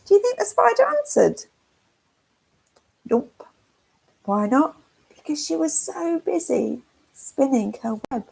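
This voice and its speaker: Gravelly, slow woman reading to toddlers. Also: sits high, sing-song, poor audio. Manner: slow, gentle, sing-song, asks the children questions. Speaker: forest school leader. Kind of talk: reading a picture book to toddlers. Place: at home.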